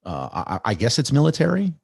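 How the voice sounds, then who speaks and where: A man guest on a podcast, telling a long story in a rambling, animated way with many restarts. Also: medium pitch, quick pace, vocal fry, slightly rough, no echo, studio quality. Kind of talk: casual storytelling.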